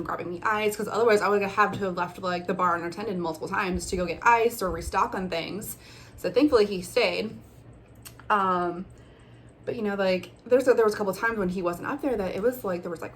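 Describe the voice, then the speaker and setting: A woman's voice: mid-range voice, a little hiss or hum. A young woman telling a personal story in a casual vlog, chatty with lots of fillers and restarts. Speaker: storyteller, former bartender.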